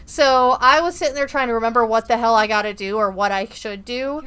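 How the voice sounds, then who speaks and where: A woman's voice: fairly high pitch, a little fast, fairly bright tone, clean tone. A young woman streaming a horror game, chatting casually with viewers in a rambling, profane way. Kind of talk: casual gaming-stream chat.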